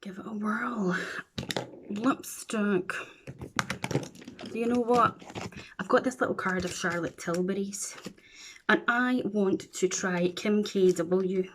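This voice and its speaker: A woman's voice: medium pitch, a little slow, fairly bright tone, a little hiss or hum. A Scottish woman chatting playfully through a makeup tutorial at home, with silly asides as she works. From Scotland. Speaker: beauty vlogger.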